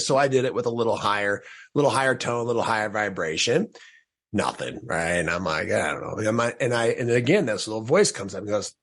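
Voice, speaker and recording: A man with a low-pitched, husky voice recounts a personal story as a podcast guest. He talks animatedly and acts out his own past thoughts, stumbling through restarts and breaking into short laughs. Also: animated, fast.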